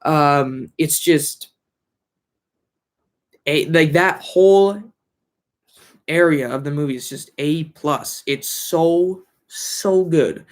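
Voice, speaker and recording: A man's voice: a little high, takes it slowly, long pauses. A man reviewing a film in casual chat, rambling with lots of fillers and restarts.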